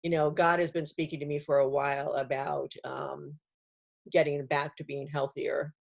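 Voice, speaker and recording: A woman's voice: low-pitched, flat delivery, moderate pace, creaky. A woman hosting an interview, chatty and eager to share her own stories. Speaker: host. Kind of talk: conversational interview.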